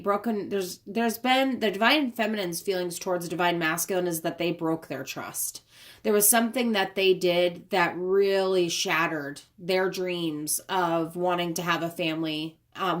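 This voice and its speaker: A woman with a lowish but fairly bright voice reads tarot in a relaxed, chatty way, thinking aloud as she handles the cards. The reading is recorded on a phone camera propped up close by.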